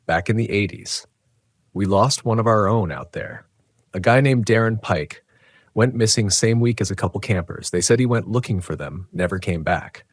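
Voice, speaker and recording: A man voicing a quiet older male former park ranger who gives slow, solemn warnings. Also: fairly low pitch, no echo, clean studio sound, close to an everyday voice. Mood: grave.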